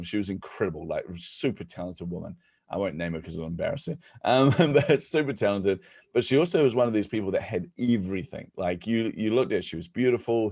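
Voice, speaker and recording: A middle-aged man, telling lively, jokey stories as a guest in a conversation. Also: low-pitched, no echo, clean studio sound. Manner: animated, jokey, laughs at own stories. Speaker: guest speaker. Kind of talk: storytelling in conversation.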